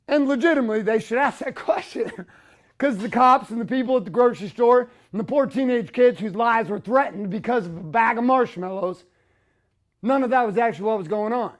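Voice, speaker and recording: A man giving a fiery, profane motivational talk, bursting into shouts to drive his points home. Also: high voice, brisk. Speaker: motivational speaker.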